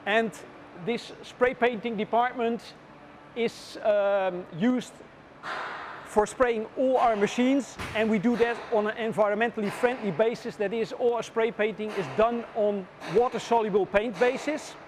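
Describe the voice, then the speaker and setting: A man guiding visitors through a factory floor, explaining in a measured way with frequent pauses. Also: sits high, steady tone, background noise. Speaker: factory tour guide. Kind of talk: guided factory tour.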